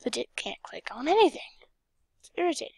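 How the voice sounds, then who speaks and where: A young woman casually commenting on a game she plays, excitable and chatty, with sudden whispered asides, close to a desk mic. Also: high voice, fast, vocal fry, dry recording. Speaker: gaming channel host.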